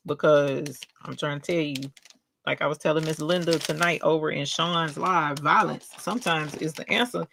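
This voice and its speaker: An older woman, a grandmother, hosting a casual live craft stream and telling an animated, chatty story while demonstrating. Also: lowish voice, low-quality recording.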